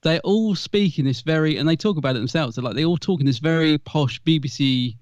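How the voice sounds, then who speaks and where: A man's voice: fairly high pitch, fairly quick, highs cut off. A man co-hosting a podcast in casual chat, talking in a rambling way with many restarts. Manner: chatty, rambling, restarts often. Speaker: podcast co-host.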